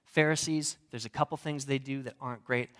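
A man's voice: mid-range voice, fairly even intonation, brisk, fairly bright tone. A young adult man, a pastor, preaching a sermon in a conversational, humorous way. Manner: conversational and humorous, varied delivery.

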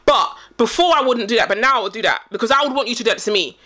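A young woman, co-hosting a podcast in animated casual chat. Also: on the high side, crowd noise. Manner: animated, quick, talks over others. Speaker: podcast co-host.

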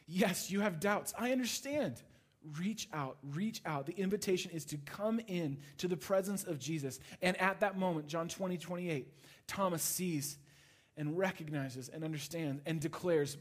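A man preaching a sermon, moving between animated passages and hushed, intimate ones. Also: on the high side, fairly quick. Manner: dynamic preaching, swings from loud to hushed. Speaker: pastor.

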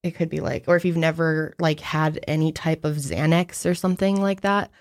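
Woman with a low voice co-hosting a podcast, super casual, says like constantly. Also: fairly even intonation, normal speed. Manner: casual, heavy use of "like". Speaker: podcast co-host.

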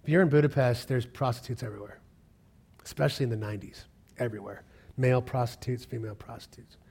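Gravelly and husky, a middle-aged pastor's mid-range voice moves quickly through a sermon. He brings his stories to life by acting out the people he quotes.

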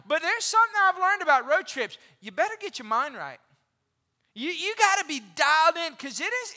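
A pastor in his forties giving an animated, conversational sermon and asking the congregation questions. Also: extremely high pitch. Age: 40s. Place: church auditorium. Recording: reverberant hall.

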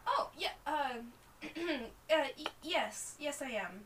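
A woman's voice: high voice, lively intonation, takes it slowly, fairly bright tone, exaggerated voice, rough recording. A woman playing a shy, overly polite young half-orc paladin who hesitates and stammers, in an improvised tabletop game. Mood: flustered. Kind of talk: improvised tabletop role-play.

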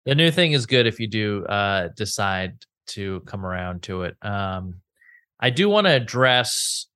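A man's voice: lowish voice, big pitch swings, measured pace, sharp tone, smooth, no room sound, studio quality. A man co-hosting a podcast in casual chat, rambling and thinking aloud with many fillers. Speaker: podcast co-host.

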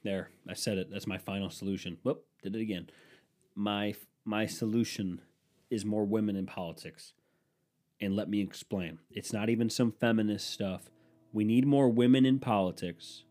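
A man with a somewhat low voice and a stuffy nose rants through a swearing comedy bit at home. He jumps from loud, indignant bursts to low, muttered asides. The tone stays casual and profane. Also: steady tone, moderate pace. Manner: swearing, ranting, swings between loud and muttered. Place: room at home with a dehumidifier running.

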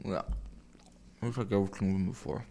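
A man's voice: sits low, steady tone, normal speed, warm tone, slight background noise. A drunk young man rambling alone, profane and meandering, with mumbled asides. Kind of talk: rambling solo monologue.

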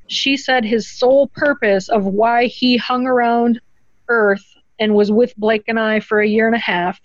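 A woman's voice: fairly high pitch, no echo, lo-fi sound. Earnest woman telling a personal story. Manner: earnest, tearful at moments, quoting others in a lifted voice.

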